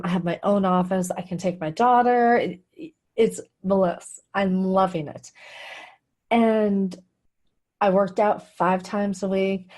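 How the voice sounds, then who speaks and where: A woman's voice: mid-range voice, darkish tone. A middle-aged woman hosting a radio show, telling her own life story in a candid, confessional way and often laughing. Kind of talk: personal storytelling monologue.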